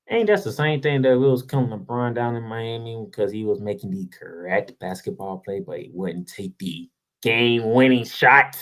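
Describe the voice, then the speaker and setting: A medium-pitched voice, a little on the fast side, carries a sports show host's heated solo rant. The tone is sarcastic and casual, packed with rhetorical questions and points repeated for emphasis.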